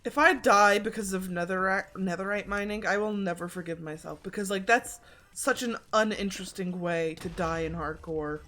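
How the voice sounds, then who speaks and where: A woman streams a video game, chatting casually, swearing, and making jokes at her own expense. Her mid-range voice is a bit bright, at normal speed, with a slightly congested throat.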